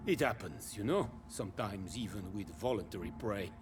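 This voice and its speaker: A man's voice: fairly low pitch, expressive, moderate pace, over music, close to an everyday voice. A man with a French accent voicing a gleeful, decadent vampire aristocrat in a video game, theatrical and purring. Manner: theatrical, purring, relishing every word.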